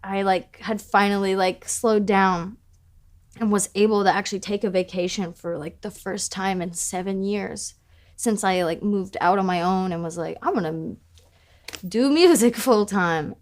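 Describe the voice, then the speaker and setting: A woman's voice: medium pitch, steady tone, measured pace. A young adult woman musician speaking frankly in an interview, with many "like" fillers, casual swearing and wry self-mocking humor. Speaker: musician discussing her album. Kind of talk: candid interview talk.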